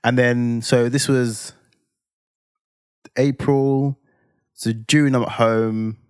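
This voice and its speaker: A man, telling a personal story on a podcast in an animated, dramatic way with slang tags. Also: mid-range voice, extremely slow, clear, resonant tone, no room sound, studio quality. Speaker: podcast co-host. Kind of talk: casual storytelling chat.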